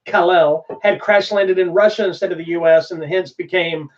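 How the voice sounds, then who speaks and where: A man's voice: high voice, fairly even intonation, normal speed. A man co-hosting a casual movie podcast, rambling and thoughtful with lots of fillers. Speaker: podcast co-host. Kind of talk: casual chat reviewing movies. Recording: distant, dull-sounding mic.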